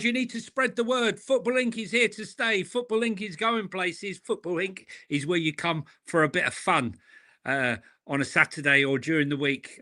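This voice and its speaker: A man's voice: high voice, bright, forceful tone. A man co-hosting a casual football talk show, upbeat and laughing a lot. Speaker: co-host. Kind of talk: casual banter.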